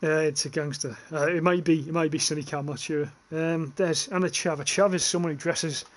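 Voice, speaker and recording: A man's voice: a little high, fairly even intonation, fairly quick. A young man with a Northern English accent, chatting casually and swearing while livestreaming a game and reading chat aloud. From northern England. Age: young adult.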